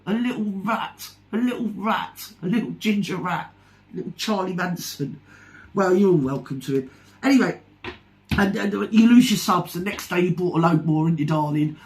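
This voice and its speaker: A woman's voice: lowish voice, moderate pace, a little mellow. A woman delivering a scathing, sarcastic rant to camera, calling her target "darling" again and again. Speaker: vlogger. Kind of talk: ranting commentary vlog.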